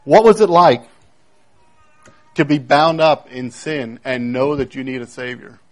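A man preaching a sermon, emphatic, repeating key phrases and swinging between loud declarations and hushed moments. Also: mid-range voice, unhurried. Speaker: pastor.

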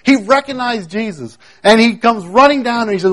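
A man preaching a sermon, emphatic, repeating key phrases and swinging between loud declarations and hushed moments. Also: very high-pitched, fairly quick. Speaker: pastor.

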